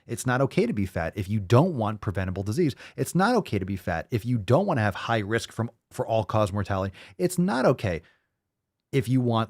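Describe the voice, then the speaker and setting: A man's voice: medium pitch, darkish tone, no echo, clean studio sound. A man hosting a show, ranting in profane, sarcastic commentary and mocking the people he quotes. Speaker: host.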